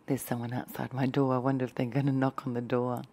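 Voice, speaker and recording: A woman speaking as an ASMR host in a soft-spoken travel diary, drifting dreamily between whispers and a hushed voice in a hotel room. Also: extremely low pitch, flat delivery, quick pace.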